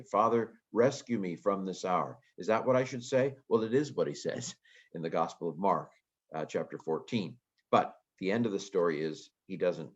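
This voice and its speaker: A man's voice: low-pitched, highs cut off. A man giving a casual lecture on Greek grammar, thinking aloud with frequent ums. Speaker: Greek teacher.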